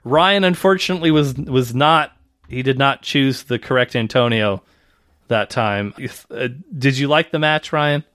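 A man hosting a casual podcast, chatty and relaxed, reading notes and bantering with his co-host. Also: medium pitch, a little slow, clean tone, no room sound, clean studio sound.

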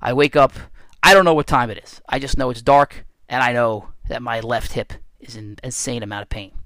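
A man hosting his own fitness podcast, telling stories in a casual, animated way and laughing at himself now and then. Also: medium pitch, fairly quick, dry recording. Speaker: podcast host and strength coach. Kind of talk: casual solo podcast monologue.

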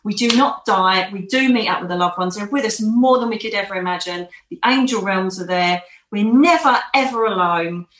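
Animated woman, echoey room. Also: mid-range voice, normal speed, few pauses. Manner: animated, emphatic storyteller. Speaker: medium, interview guest. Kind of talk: casual storytelling in an interview.

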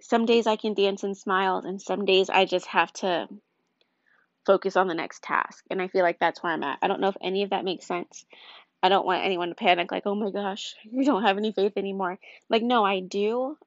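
A woman's voice: mid-range voice, fairly quick, no echo, highs cut off. A tired young woman speaking candidly and earnestly in a rambling, confessional faith talk.

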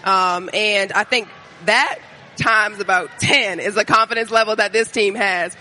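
A hoarse woman, a basketball player, speaking casually as a guest on a live podcast. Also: medium pitch, steady tone, measured pace, sharp tone, slight background noise. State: hoarse from screaming.

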